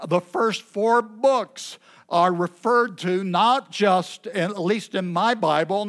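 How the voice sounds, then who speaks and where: Slow-speaking high-voiced male preacher. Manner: unhurried, halting delivery with many filler pauses. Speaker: pastor. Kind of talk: sermon. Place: church service.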